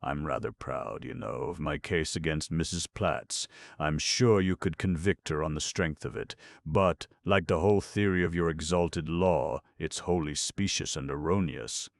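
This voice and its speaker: A man reading a languid, drawling gentleman detective. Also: rumbling low, moderate pace, gravelly, hardly any pauses, no echo. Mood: drawling, amused. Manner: unemotional drawl, airy and mocking. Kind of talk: audiobook character reading.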